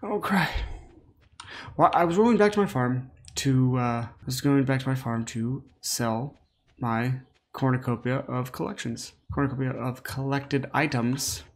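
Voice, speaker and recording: A man's voice: medium pitch, moderate pace. Sassy, tired man rambling over gameplay. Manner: sassy, rambling, joking asides. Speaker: let's play host. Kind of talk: relaxed gameplay commentary.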